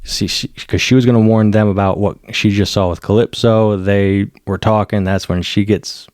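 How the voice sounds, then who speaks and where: A man giving a casual, excitable recap of a TV episode, laughing often and acting out the characters' lines. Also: on the low side, moderate pace, dry recording, studio quality. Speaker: TV episode reviewer.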